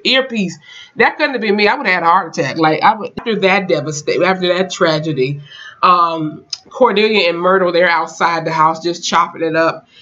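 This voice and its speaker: Lively slangy TV recap, muffled sound. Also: medium pitch. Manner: animated storytelling with slang and swearing; acts out characters' lines in quotes. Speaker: TV episode reviewer. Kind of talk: casual episode recap.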